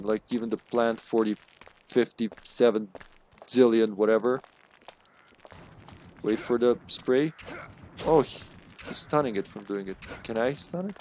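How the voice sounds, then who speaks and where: A man giving live commentary while he plays a game, excitable and joking, swearing freely and calling out to his teammates. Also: medium pitch, slight background noise. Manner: jokey, laughs often. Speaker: streamer.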